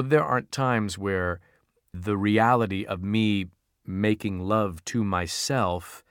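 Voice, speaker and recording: A man who works as an audiobook narrator, answering fan questions in a recording studio, telling stories in an animated, playful way. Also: lowish voice, no echo.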